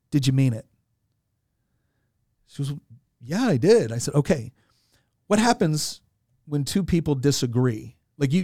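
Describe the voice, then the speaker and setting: A man's voice: on the high side, a little mellow, dry recording, studio quality. A man in his forties telling a story in casual talk, earnest, often repeating words as he restarts. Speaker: podcast co-host.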